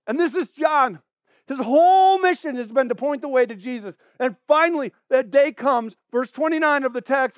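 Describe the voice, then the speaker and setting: A man preaching a sermon, animated, swinging between hushed tones and loud exclamations as he acts out scripture. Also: very high voice, normal speed, dry recording.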